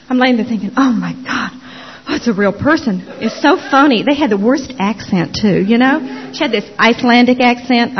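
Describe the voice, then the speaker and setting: A woman telling her personal testimony as a former Jehovah's Witness, expressive and dramatizing the story with little voices. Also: on the high side. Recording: dull lo-fi recording.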